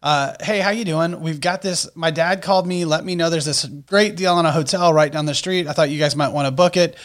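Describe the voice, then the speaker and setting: A man's voice: on the high side, brisk. A middle-aged man co-hosting a podcast, telling a story in casual chat and acting out his own past lines with energy. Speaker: podcast co-host.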